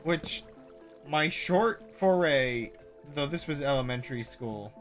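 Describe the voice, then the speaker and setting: A man's voice: a little high, expressive, takes it slowly, faint music behind. A man streaming and chatting casually while tired, his voice crackly as he rambles with many fillers.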